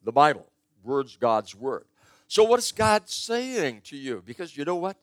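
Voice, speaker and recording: A man's voice: fairly high pitch, sing-song, measured pace, no echo. An older man preaching a sermon in a conversational, storytelling way, stressing his key points. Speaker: pastor.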